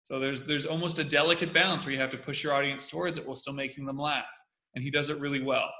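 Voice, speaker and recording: Bright, energetic male commentary host. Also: mid-range voice, quick pace, reverberant. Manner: energetic, repeats phrases. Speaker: host analyzing comedy. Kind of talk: casual video commentary.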